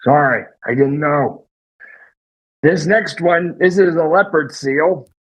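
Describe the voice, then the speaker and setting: A man playing an odd, deadpan exotic animal handler who is a guest on a comedy podcast, talking in a fussy, apologetic way. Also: on the high side, slow pace, slightly rough, poor audio.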